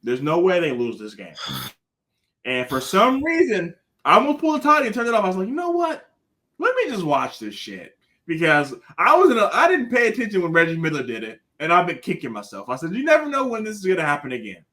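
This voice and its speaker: A man giving excited, profanity-laced sports takes on a casual podcast, telling stories with lots of energy. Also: sits high, quick pace. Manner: animated storyteller, swears freely. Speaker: podcast panelist.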